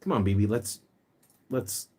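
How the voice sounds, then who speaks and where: A man hosting a casual livestream, chatting and reading viewer comments aloud, sometimes jumping into a high sing-song voice to coax his pet bird. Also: measured pace, a little mellow, breathy edge. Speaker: pet rescue livestream host.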